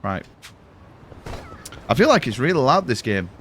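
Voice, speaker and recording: Young dude streaming, rambly stories, swears a lot, normal pitch. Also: male voice, very animated, measured pace, fairly bright tone, slight background noise. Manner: rambling, swears, chatty storyteller. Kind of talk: casual live-stream chat while gaming.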